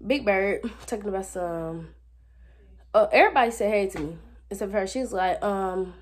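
Teen girl, sassy, animated storytime vlog, medium pitch. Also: moderate pace. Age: teens. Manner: animated, sassy, talks straight to viewers. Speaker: vlogger.

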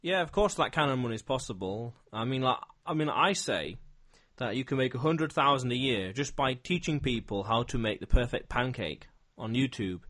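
A man's voice: mid-range voice, lively intonation, moderate pace, a bit bright. A man, hosting a podcast interview and explaining his ideas step by step in a reflective way. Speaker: podcast host. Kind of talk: conversational interview.

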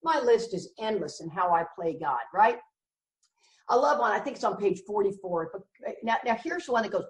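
A woman's voice: mid-range voice, animated, moderate pace, far from the mic. A middle-aged woman talks frankly about recovery, driving her points home with blunt emphasis and dry humor. She sounds set back from the microphone, and the room around her rings with echo. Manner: emphatic, blunt and wryly joking. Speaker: recovery meeting speaker. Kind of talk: candid recovery talk. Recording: echoey room, voice from the mic.

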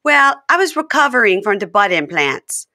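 A woman's voice: medium pitch, very animated, normal speed, sharp tone, voice pushed up. A woman voicing a demanding young wife on reality TV, coaxing and pleading in a sing-song way.

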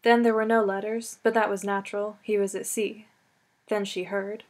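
A woman reading a novel aloud as an audiobook, in measured, steady storytelling narration. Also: medium pitch, slight background noise. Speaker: audiobook reader. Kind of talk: scripted narration.

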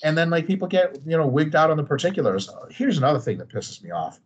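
A man in his thirties, a podcast guest on training, talking casually in a profane, animated, joking rant. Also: fairly high pitch, quick pace, husky, dull audio. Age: 30s. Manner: animated, profane, ranting with humor. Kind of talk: casual chat.

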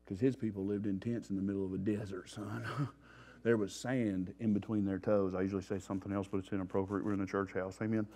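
A man's voice: lowish voice, fast. A man giving a sermon-style testimony at a church recovery revival, telling his story in slangy street talk and acting out his past panic. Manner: animated, acts out his own past panic.

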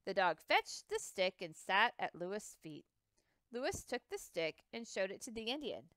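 A woman reading a children's chapter book aloud, expressive, with occasional slips and restarts. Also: mid-range voice, normal speed, clear, resonant tone, dry recording. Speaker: reader. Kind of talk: storybook read-aloud.

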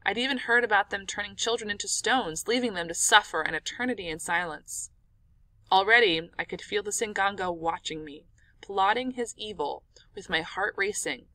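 A woman narrating an audiobook in an expressive, dramatic storytelling manner. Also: mid-range voice, no echo.

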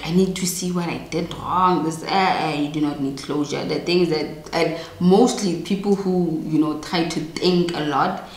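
A woman's voice: deep voice, darkish tone, echoey room, rough recording. A young woman giving blunt, emphatic relationship advice straight to the viewer in a chatty vlog. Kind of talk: casual advice monologue to camera.

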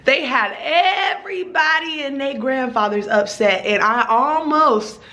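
A woman's voice: high-pitched, lively intonation, a little slow, sharp tone. A young woman in her twenties vlogging from a hotel room, hungover, chatting casually in slang and laughing often. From Los Angeles. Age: 20s. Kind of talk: casual vlog chat.

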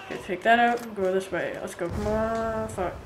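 A woman giving live gameplay commentary, excitable and swearing often, with sudden yelps when in danger. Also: mid-range voice, normal speed, over music. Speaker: gaming channel host. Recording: loud game gunfire over voice. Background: game gunfire and explosions.

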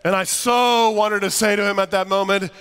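Pastor type, high and bright-voiced, preaching with humor and lively asides in a reverberant church. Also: male voice, moderate pace, slight background noise. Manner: animated, humorous storytelling to a congregation. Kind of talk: sermon. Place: church sanctuary.

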